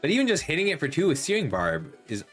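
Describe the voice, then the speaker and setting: A man talks through a card set review in a lively, up-and-down voice, chatty and analytic, catching and fixing his own phrasing as he goes. His voice is a little worn from talking, and faint music plays underneath. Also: fairly high pitch, quick pace. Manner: chatty and analytic, with frequent ums and self-corrections. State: slightly losing his voice. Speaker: host reviewing game cards.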